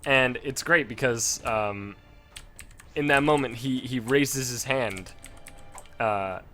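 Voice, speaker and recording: A man's voice: medium pitch, slow, fairly bright tone, faint music behind. A young man chatting casually while he plays a game, rambling with lots of fillers and restarts, close to a desk mic. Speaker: gaming streamer. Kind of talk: casual commentary while playing.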